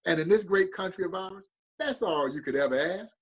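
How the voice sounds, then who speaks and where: A man's voice: high voice, lively intonation, fairly quick, a bit bright, breathy edge. A middle-aged man, a museum president, telling an emotional story in an interview with earnest intensity. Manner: earnest, building to emotional peaks.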